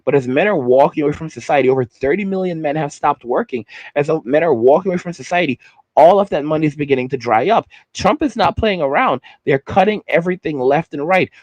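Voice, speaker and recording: A man's voice: fairly high pitch, animated, fast talker, a little mellow, dry recording. A man hosting a livestream, ranting heatedly and repeating himself as he stumbles over words. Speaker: livestream host.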